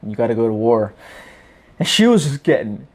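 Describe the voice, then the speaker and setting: A man's voice: medium pitch, sing-song, normal speed. A man hosting his podcast, talking through the topic in a casual, joking monologue with a wry tone. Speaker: podcast host.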